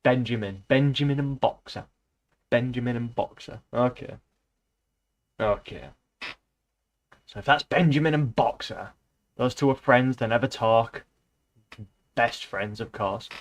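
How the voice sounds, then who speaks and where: A man reading a classic novel aloud on a stream, his voice at an ordinary middle pitch. He keeps wandering off into rambling, sarcastic asides full of swearing before he gets back to the page. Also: a little slow, long pauses. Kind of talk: casual reading aloud with commentary.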